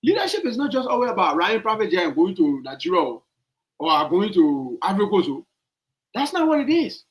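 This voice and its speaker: A man's voice: sits high, huge pitch swings, a little fast, poor audio. A man with a Liberian accent hosting a podcast, giving opinionated political commentary with emphatic repetition and rhetorical questions. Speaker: podcast host.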